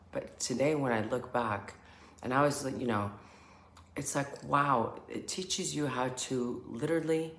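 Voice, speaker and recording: A woman recounts her own experience in relaxed, chatty storytelling, full of "like" and "you know", and acts out the sounds she heard. Her voice carries a noticeable echo from a roomy space. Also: a bass voice, slight background noise. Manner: animated, acts out screams and chants, many fillers. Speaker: spiritual healer sharing her story. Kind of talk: casual personal storytelling.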